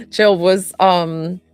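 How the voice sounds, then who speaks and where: A woman's voice: on the low side, darkish tone, clean tone, no echo. A young woman from upstate New York, a medium chatting casually on a live stream, rambling and answering viewer comments.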